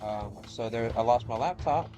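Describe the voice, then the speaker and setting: A young man rambles through a long grievance while he plays, swearing freely and circling back over the same points. His voice sits at an ordinary middle pitch for a man, and game music plays clearly underneath him. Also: moderate pace, low-quality recording. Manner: rambling, profane, aggrieved. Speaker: streamer. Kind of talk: casual chat while gaming.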